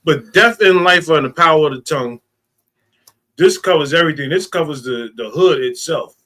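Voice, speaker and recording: A man's voice: fairly high pitch, moderate pace, bright, forceful tone. A man leading an informal teaching talk, speaking emphatically and repeating his key phrases.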